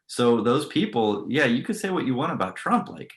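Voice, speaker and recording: A man's voice: mid-range voice, moderate pace, roomy sound. A man giving blunt opinions in a casual panel chat. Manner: animated, blunt opinion talk. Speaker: co-host.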